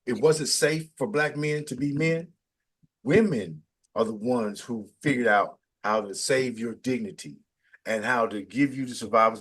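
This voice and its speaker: A middle-aged man interviewing in casual chat, talking in a preachy, emphatic way, his pitch jumping up to stress a point. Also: unhurried, fairly bright tone, slightly rough.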